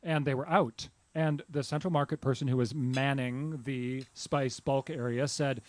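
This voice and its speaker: A man co-hosting a live outdoor show from a theater patio, telling meandering anecdotes in a relaxed chat. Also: medium pitch, a little slow, no room sound. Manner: chatty storyteller with meandering anecdotes. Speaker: co-host. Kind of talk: casual chat.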